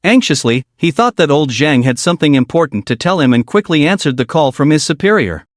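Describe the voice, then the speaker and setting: A male narrator reading a comic story recap with dramatic flair. His voice is animated and a little high. The recording is dry and close. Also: a little fast, few pauses, no echo.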